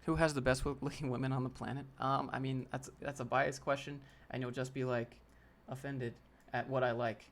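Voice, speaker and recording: The livestream host's mid-range voice is flat, a little fast, and has few pauses. Sitting at a desk setup with a DSLR camera, he runs a casual Q&A, giving chat blunt answers and critiquing a viewer's portfolio with words like "fam" and "dude."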